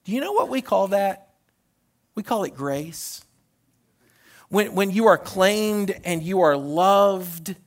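A man preaching a sermon as a pastor, shifting between loud hollering and hushed tones and often repeating words as he restarts phrases. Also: high-pitched, measured pace.

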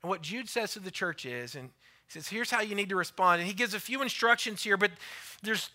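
A male preacher with a rather high, very bright voice delivers a sermon in a church. He speaks slowly and emphatically, repeating key phrases and sometimes sinking almost to a whisper for stress.

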